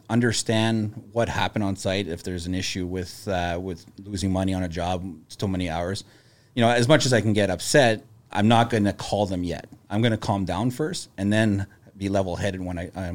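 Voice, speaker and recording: A man, a business owner, talking in a casual podcast chat and telling stories in a calm, level-headed way. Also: deep voice, brisk.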